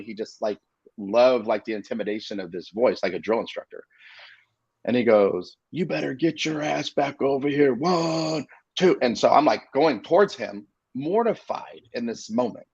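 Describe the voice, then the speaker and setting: A husky, gravelly man in his forties tells a personal story in an earnest, halting way, stopping and restarting often. His voice sits at an ordinary pitch. The sound is dry and a little muffled. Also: no echo. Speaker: inspirational speaker. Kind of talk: storytelling on a video call show.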